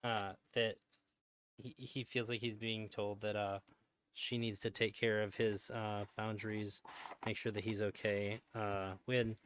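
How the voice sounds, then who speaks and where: A man reviewing a clip on his stream in casual commentary, rambling with many pauses and restarts and laughing often. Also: on the low side, level tone, a bit bright, a little hiss or hum.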